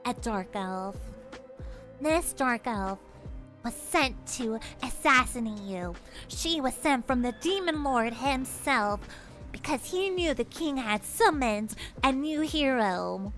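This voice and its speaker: A woman's voice: on the high side, expressive, takes it slowly, fairly bright tone, faint music behind. A woman streamer telling a playful, giggly second-person fantasy story to her chat in casual livestream style.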